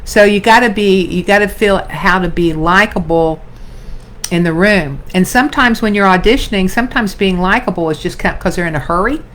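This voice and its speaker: A woman's voice: mid-range voice, normal speed, a bit bright, slight background noise. A middle-aged woman acting coach teaching an online class in a chatty, self-interrupting way, calling her viewers "you guys" and "darling".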